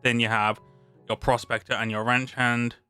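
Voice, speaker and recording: During a live stream, a man from Britain reads through a tabletop rulebook, chatting between sections and restarting the odd word. His medium-pitched voice is bright and crisp, level in tone, at a moderate pace. He sits close and dry on the mic, with faint music in the background.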